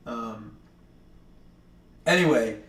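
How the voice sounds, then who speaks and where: A man from Maine hosts his morning livestream, wandering from thought to thought and correcting himself as he goes. His voice sits at an ordinary middle pitch. It carries the echo of a roomy space and sounds a little far from the microphone. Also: lively intonation, extremely slow, a bit bright. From New England, Maine. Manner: rambling, chatty, self-correcting. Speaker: livestream host. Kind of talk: casual chat. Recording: echoey room, distant mic.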